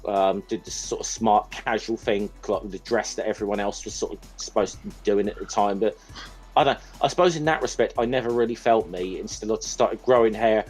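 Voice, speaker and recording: A man's voice: lowish voice, fairly quick, darkish tone, faint music behind. A man in casual group chat on a call, rambling and hesitant, swearing now and then. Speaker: podcast guest.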